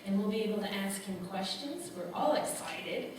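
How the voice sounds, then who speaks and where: A woman's voice: medium pitch, expressive, moderate pace, a little mellow. A woman making bubbly, chatty church announcements, recorded from a distance in a large sanctuary. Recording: echoey sanctuary from far off, noisy.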